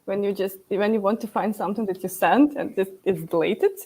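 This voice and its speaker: A woman's voice: mid-range voice, fairly quick, breathy edge, rough recording. Woman on a video call. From Ukraine. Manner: lively, laughs often, slightly non-native phrasing. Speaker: guest, conference director. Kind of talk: casual video chat.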